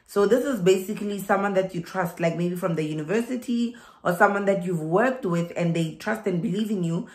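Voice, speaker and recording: A woman's voice: medium pitch, brisk, few pauses, reverberant. A young South African woman with a South African accent giving migration advice in a chatty vlog, laughing and repeating herself for emphasis.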